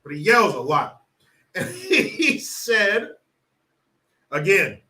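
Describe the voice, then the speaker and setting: Man, sarcastic commentary, mocking and animated, high voice. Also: takes it slowly, pauses often. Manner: sarcastic, animated, laughs often.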